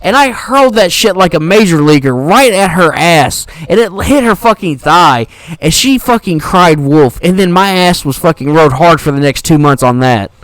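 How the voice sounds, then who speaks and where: A man's voice: fairly high pitch, animated, normal speed, a bit bright, no echo, rough recording. A young man co-hosting a podcast, telling a rambling, profane story in casual chat. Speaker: podcast co-host.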